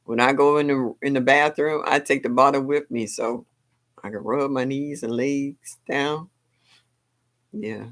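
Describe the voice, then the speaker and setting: A woman's voice: a bass voice, steady tone, a little slow. Older woman, live-stream host, folksy, exclamatory, laughs a lot. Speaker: livestream host. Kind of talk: casual live-stream chat.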